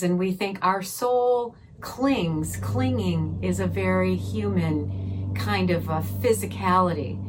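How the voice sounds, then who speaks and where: A middle-aged woman pastor, teaching a Bible study gently and unhurriedly and leading softly spoken prayer. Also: fairly low pitch.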